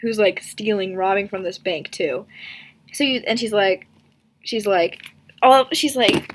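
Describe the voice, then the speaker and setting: A woman's voice: medium pitch, unhurried, long pauses. A young woman casually ranting in a comic review, sarcastic and exasperated, with lots of filler words.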